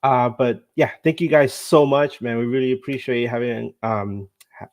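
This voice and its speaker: A man's voice: mid-range voice, steady tone, normal speed. A man guesting on a fan show, friendly and a bit hesitant with fillers. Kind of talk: casual podcast chat.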